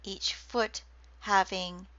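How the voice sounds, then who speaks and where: A woman giving a recorded lecture on poetry, speaking deliberately and reading quoted verse slowly. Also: mid-range voice, flat delivery, fairly bright tone. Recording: dull lo-fi dry recording.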